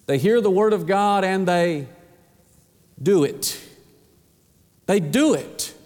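A man's voice: high-pitched, lively intonation, slow pace, darkish tone, big-room sound. A man preaching a sermon with passion, repeating phrases for emphasis. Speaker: pastor.

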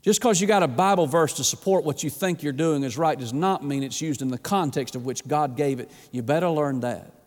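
Folksy preacher with a raised voice. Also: male voice, fairly high pitch, brisk, hardly any pauses, darkish tone. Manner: folksy, emphatic, repeats "my friend". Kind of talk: sermon. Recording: long hall reverb.

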